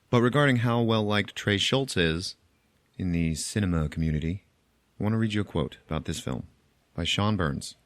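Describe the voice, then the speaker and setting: A man's voice: low-pitched, normal speed, no echo. A man hosting a podcast, recapping a film plot in casual chat, chatty and profane, laughing at his own jokes, on a close microphone.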